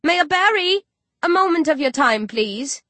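A woman's voice: fairly high pitch, animated, moderate pace, a bit bright, no echo. A woman voicing a crude, smug male villain who simpers and talks down to others. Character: crude smug male child-killing creep.

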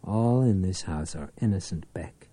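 Brief: man playing a low, mellow-voiced police chief, smooth and courteous yet cutting, audiobook reading. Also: moderate pace, no room sound. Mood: stern. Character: suave commanding male police prefect.

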